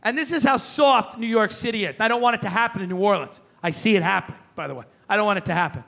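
A man's voice: sits high, racing, vocal fry, a bit bright. A man doing a stand-up comedy set on a theater stage, ranting brashly and with plenty of profanity. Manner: brash, profane, aggressive rants. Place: theater stage before a live audience. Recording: stand-up recording with crowd noise.

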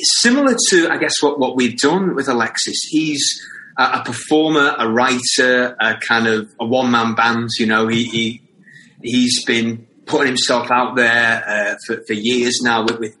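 A man's voice: mid-range voice, sharp tone, reverberant, rough recording. A man with a Scouse accent, a theatre company guest talking casually in an interview and often restarting and repeating words as he thinks. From England.

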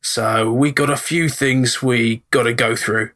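A man voicing a gruff, harried middle-aged leader who talks bluntly and swears mildly. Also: medium pitch, steady tone, unhurried, a bit bright, lightly acted. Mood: brusque.

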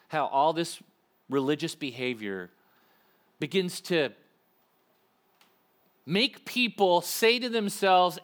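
Animated male preacher. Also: a little high. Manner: animated, conversational preaching with acted-out asides. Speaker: pastor. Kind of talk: sermon.

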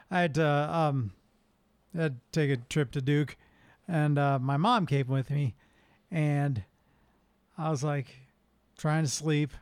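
A man in casual chat, telling an animated story between laughs. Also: on the high side, slow, long pauses, clean tone, dry recording.

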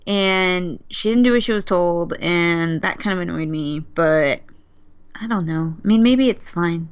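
A woman's voice: lowish voice, measured pace, clean tone. A woman co-hosting a casual podcast about comics, blunt and playful in her opinions. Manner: playful, blunt, acts out quotes. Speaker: podcast co-host. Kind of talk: casual comic book review chat. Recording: dull lo-fi sound.

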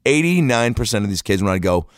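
Low-voiced man telling a profane story. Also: very animated, fast, no echo, clean studio sound. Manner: loose, profane, rambling with fillers. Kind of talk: comedic storytelling monologue.

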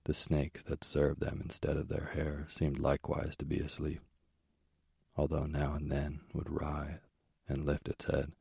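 A man reads a myth as an audiobook in a measured, steady way. His voice is extremely deep and husky. It stays dry and close. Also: dry recording. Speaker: narrator.

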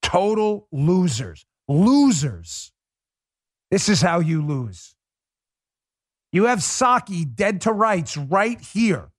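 A man hosting a political commentary show, ranting with heated scorn and dropping at times to a low, quieter mutter. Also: big pitch swings, takes it slowly, no echo, studio quality. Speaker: host.

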